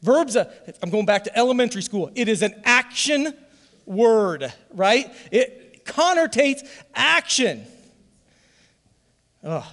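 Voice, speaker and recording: Pastor, male, high voice, fervent sermon delivery that rises to loud calls to the congregation, church hall reverb. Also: very animated, slow pace.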